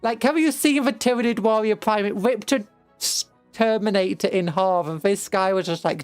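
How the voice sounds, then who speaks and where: A young British woman streaming a game, rambling through an animated story retelling with casual asides. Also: mid-range voice, moderate pace, no room sound, faint music behind. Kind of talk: casual chat while playing a game.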